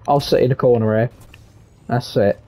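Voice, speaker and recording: A young man giving live gameplay commentary, trash-talking and swearing at opponents with sudden excited yelps. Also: mid-range voice, moderate pace. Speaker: gaming streamer. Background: gunfire from the game.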